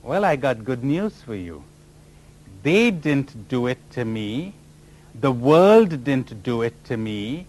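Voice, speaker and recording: A spiritual teacher speaks to a live audience in a darkish, medium-pitched voice, very animated yet slow. He teases the crowd with rhetorical questions and now and then imitates other people's voices.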